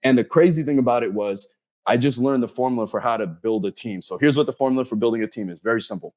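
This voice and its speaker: A man's voice: mid-range voice, fast talker. A man in a podcast conversation tells his own story with drive. His voice sits in an ordinary middle range. He slips into the voices of the people in his story as he goes. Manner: animated storyteller who acts out quoted dialogue. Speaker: podcast guest.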